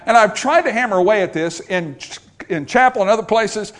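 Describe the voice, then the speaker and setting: A man's voice: sits high, brisk. An older man preaching a sermon as pastor, emphatic and repetitive, driving points home with rhetorical questions.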